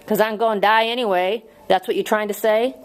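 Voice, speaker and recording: A woman's voice: mid-range voice, fairly even intonation, fairly quick, clean tone, faint music behind, close to an everyday voice. A woman voicing a bitter, taunting young male prisoner in an audiobook reading, curt and plain-spoken. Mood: sullen.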